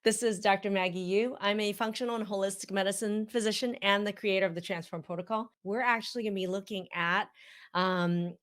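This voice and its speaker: A woman in her fifties, a functional medicine physician, gives an emphatic, animated reaction commentary that she aims straight at her viewers. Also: mid-range voice, a little fast.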